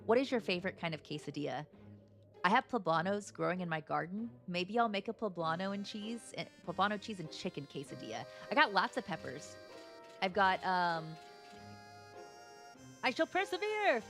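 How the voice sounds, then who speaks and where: An American streamer chats casually with her livestream viewers while she plays, greeting them by name. Her lowish voice is animated, fairly quick, and a bit bright, with faint music in the background.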